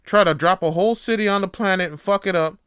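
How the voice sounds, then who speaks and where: A man hosts a podcast and rambles through a loose, profane rant. His voice is smooth and clear, at a middling pitch. The sound is close and dry, with no room echo. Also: fast talker, a bit bright. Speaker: podcast host. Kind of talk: casual podcast monologue.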